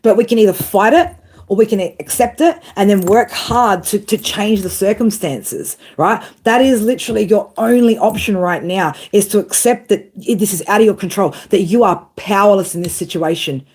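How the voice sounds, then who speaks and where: A woman's voice: mid-range voice, lively intonation, moderate pace, a little mellow, breathy edge. A woman in her thirties giving a blunt tarot reading, swearing freely, handing out tough love and asking "right?" over and over. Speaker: tarot reader.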